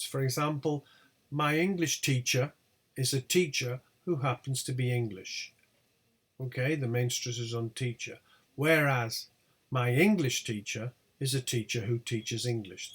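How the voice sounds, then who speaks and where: A man teaching a lecture on English word stress, speaking slowly and deliberately and over-stressing each example word. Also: medium pitch, fairly bright tone. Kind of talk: lecture on pronunciation.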